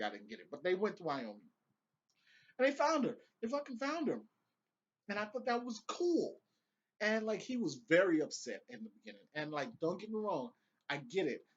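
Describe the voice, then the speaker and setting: Husky rambling young man, lo-fi. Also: on the high side, fairly bright tone. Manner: rambling, profane, laughing asides. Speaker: vlogger reviewing a TV episode. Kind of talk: casual reaction commentary.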